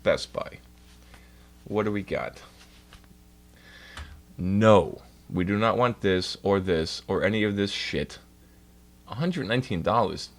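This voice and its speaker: Speaking slowly with long pauses in a fairly low voice, a young man from New York rants on a casual stream. His exasperation comes out in profanity-heavy bursts.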